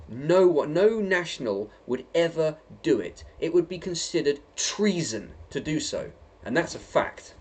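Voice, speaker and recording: A man's voice: mid-range voice, a little mellow, slightly rough. A man from England delivering an emphatic vlog monologue, repeating himself and tagging lines with "right?" and "okay?". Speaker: video blogger.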